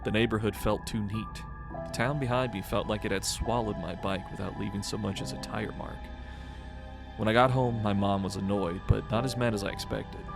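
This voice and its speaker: Co-hosting a casual podcast, a man reads a horror story aloud in a flat voice, joking and laughing often between passages. His voice sits on the low side, a little fast and creaky, with music playing in the background.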